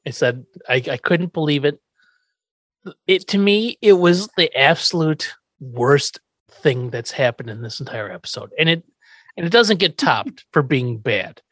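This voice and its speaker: Animated, profane podcast host. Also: male voice, a little high, unhurried, no echo. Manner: animated, profane, acts out characters. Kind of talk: casual chat recapping an episode.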